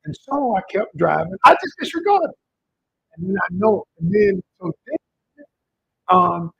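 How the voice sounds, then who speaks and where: A man talks on a live stream as a relationship coach, speaking into a handheld mic. His voice is very raspy and husky, and his pitch swings widely. He sounds emotional and addresses his audience directly. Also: sing-song, normal speed, fairly bright tone, no echo, rough recording. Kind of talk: live-streamed storytelling talk. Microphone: handheld microphone.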